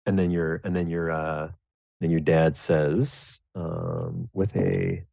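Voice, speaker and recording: Low-voiced dude gm-ing, rambly, lots of ums, muffled dry mic. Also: male voice, level tone, gravelly, mellow, no room sound. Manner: rambling, halting, many fillers. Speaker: game master. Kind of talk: narrating a tabletop game.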